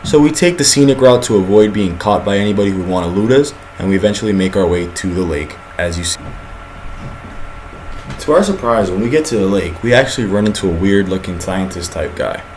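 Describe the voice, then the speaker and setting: A young man narrating a student project video in a casual, energetic storytelling way. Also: fairly low pitch, a little fast, slight background noise. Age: young adult. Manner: energetic storytelling, acts out the others' lines.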